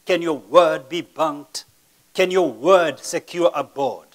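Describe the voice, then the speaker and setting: A male pastor delivers a sermon in a high, raised voice at an unhurried pace. He fires rhetorical questions at his listeners and lets dramatic pauses hang. His loudness rises and falls sharply for emphasis.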